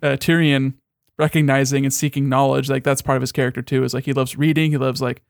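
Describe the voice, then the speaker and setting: Gravelly young man, rambling and profane. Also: mid-range voice, flat delivery, fast talker, no room sound, clean studio sound. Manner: rambling, profane, with many restarts. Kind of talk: casual chat.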